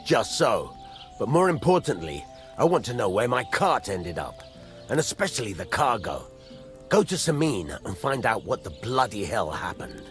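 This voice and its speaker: An actor playing a gruff middle-aged blacksmith who grumbles and curses, in a video game. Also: male voice, lowish voice, sing-song, normal speed, soft background music. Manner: gruff, cursing.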